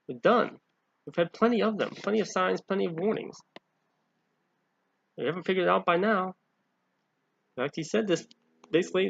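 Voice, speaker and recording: A man with a gravelly, slightly raised voice reads scripture and comments on it in a plain, unpolished way. He keeps pressing his points with repetition. The recording is dull and lo-fi, with a dry, close sound. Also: fairly high pitch, a bit bright, no room sound. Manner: reads scripture aloud and explains it, growing emphatic and exasperated. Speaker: lay preacher. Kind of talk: Bible reading with commentary.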